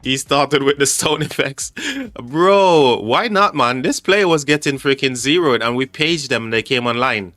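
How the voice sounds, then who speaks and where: A man's voice: mid-range voice, unhurried, bright, forceful tone, dry recording. A man hosting a live game stream, chatty and joking with his chat, calling people mate. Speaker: livestream host. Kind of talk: casual live game commentary. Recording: faint music behind the voice.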